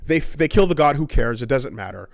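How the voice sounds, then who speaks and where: A man's voice: medium pitch, lively intonation, fast talker, gravelly, dry recording, clean studio sound. A man ranting in casual podcast chat, telling a rambling, profane story. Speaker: podcast co-host.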